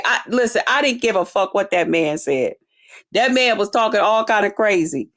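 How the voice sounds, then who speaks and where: A woman vlogger telling a personal story straight to her viewers in a blunt, profane, animated way. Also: medium pitch, normal speed. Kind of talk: casual storytime monologue to viewers.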